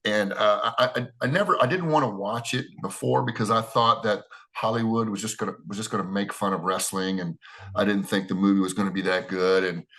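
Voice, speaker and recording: Middle-aged American man, low voice, talkative interviewee, lots of restarts and fillers. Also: fairly even intonation, a little fast, a bit bright. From United States. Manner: rambling, many restarts and "you know". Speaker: wrestler. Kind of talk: interview answers.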